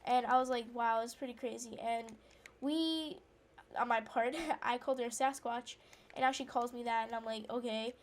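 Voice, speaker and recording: Here a woman with a fairly high, steady-toned voice speaks at normal speed. It's a casual storytelling chat: she rambles indignantly about something personal while gaming, with many fillers and restarts, pausing to react to the game.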